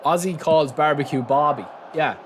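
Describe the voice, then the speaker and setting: A young man casually commentating his own football game on a live stream, chatting with viewers and bursting into shouts at big moments. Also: a little high, moderate pace, slight background noise.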